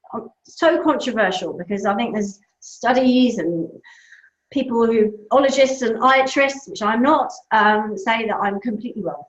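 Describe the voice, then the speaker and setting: A woman, a breakup coach, giving upbeat advice in a live question-and-answer talk, telling stories with acted-out voices. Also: on the high side. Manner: animated, storytelling with acted-out voices. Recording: echoey room, dull lo-fi sound.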